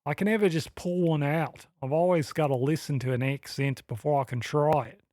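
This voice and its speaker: A man's voice: a little high, steady tone, brisk, darkish tone, no echo, studio quality. A man co-hosting a podcast in a casual, joking chat, teasing his partner and trying out accents. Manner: playful, teasing, tries out accents. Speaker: podcast co-host.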